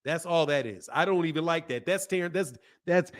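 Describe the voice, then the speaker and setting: A man's voice: fairly high pitch, moderate pace, few pauses. A man hosting a boxing channel, talking casually and with energy, repeating phrases and using slang. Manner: animated, repeats himself, laughs, slangy.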